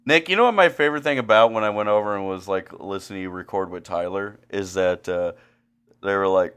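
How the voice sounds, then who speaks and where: Animated, profane man riffing. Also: fairly low pitch, fast talker, smooth. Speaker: podcast host. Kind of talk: casual chat.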